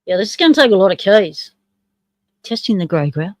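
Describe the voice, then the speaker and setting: A woman hosting a live stream in casual chat. She talks to herself as she runs the stream software and comments along with a video. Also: medium pitch, sing-song, fairly quick, no echo, rough recording.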